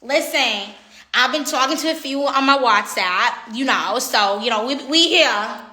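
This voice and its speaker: A sassy Jamaican woman chats on a livestream, talking to viewers like old friends. Her voice sits fairly high and rings bright. The phone audio picks up a lot of room echo. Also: lively intonation, measured pace. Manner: sassy, chatty, calls viewers honey and baby. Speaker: makeup artist and livestream host. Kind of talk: casual livestream chat. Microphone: phone on a makeshift tripod.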